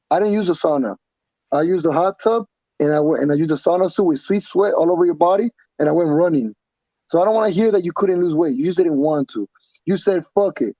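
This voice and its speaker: A man, a professional fighter being interviewed, talking casually in an animated, profane way with many restarts and repeats. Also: high-pitched, dry recording, dull audio. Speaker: pro fighter guest.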